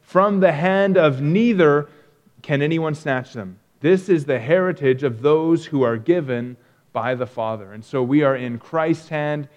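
An earnest man giving a recorded theology lecture at a desk mic, his voice sitting a little high. He reads long quotations and stresses key words emphatically, often restarting phrases as he explains. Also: a little slow. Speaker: theology teacher. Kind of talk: lecture reading and explaining quoted texts.

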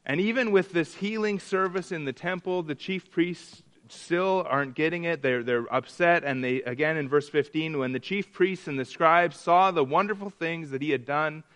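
A man teaching a Bible study, often stumbling and restarting, sometimes acting out quoted voices with rising excitement. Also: a little high. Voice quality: halting, repeats words and restarts often. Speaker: pastor.

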